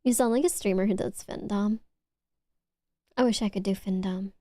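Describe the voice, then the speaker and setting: A young woman with a Valley Girl accent chatting on her stream, talking loosely with lots of "like"s and sometimes dropping to a soft whisper. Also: normal speed, no room sound, studio quality. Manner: chatty, filler-heavy with many "like"s, dips into low whispers. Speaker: VTuber streamer. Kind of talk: casual chat stream.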